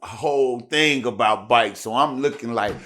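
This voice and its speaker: Speaking in a mid-range voice that runs a little slow, a Tennessee man guests on a podcast and relaxes into a story. He acts out the lines of dialogue with animation and a raised voice.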